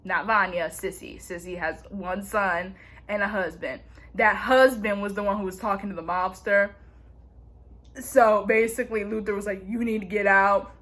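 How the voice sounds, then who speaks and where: A woman's voice: mid-range voice, steady tone, moderate pace, a bit bright. A young woman vlogger recapping a TV show in a playful, chatty way, saying "like" constantly. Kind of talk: casual TV recap chat.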